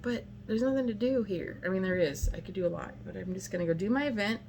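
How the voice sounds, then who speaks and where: A woman's voice: medium pitch, fast talker, a little mellow, slight background noise, rough recording. Blunt ranting woman in her fifties. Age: 50s. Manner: blunt, exasperated, emphatic. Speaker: vlogger. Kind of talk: casual rant to camera.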